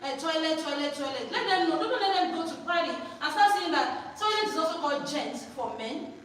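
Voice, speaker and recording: A woman's voice: sits high, expressive, a little fast, fairly bright tone. A woman running a teacher training workshop, drilling the room call-and-response style and prompting listeners to finish her sentences. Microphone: far from the microphone. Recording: echoey hall, distant mic, noisy.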